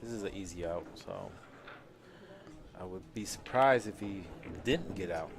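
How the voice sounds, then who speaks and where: A man's voice: deep voice, unhurried, over music. A man co-commentating a live pool match, teasing and joking with the other hosts. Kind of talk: casual live-stream commentary.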